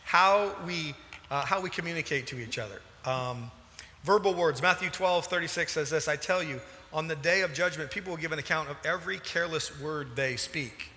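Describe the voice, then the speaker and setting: Man, pastor, animated sermon, fairly high bright voice, reverberant church hall. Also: moderate pace. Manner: animated, emphatic preaching with sudden loud bursts.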